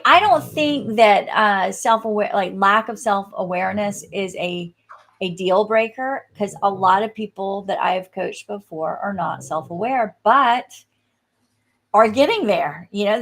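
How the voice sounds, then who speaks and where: Woman, gravelly fry, coach, casual podcast talk, earnest. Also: mid-range voice.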